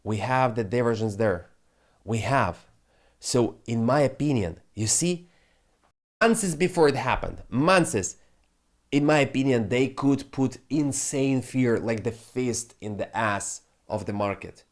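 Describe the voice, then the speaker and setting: A man's voice: mid-range voice, takes it slowly. Profane, ranting male crypto host. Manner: profane, animated, non-native phrasing. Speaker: crypto trading channel host. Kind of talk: ranting market commentary.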